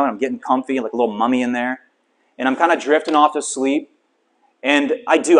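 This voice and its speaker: A middle-aged man preaching a sermon, telling a story with lively, self-mocking humor to a small congregation. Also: medium pitch. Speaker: pastor.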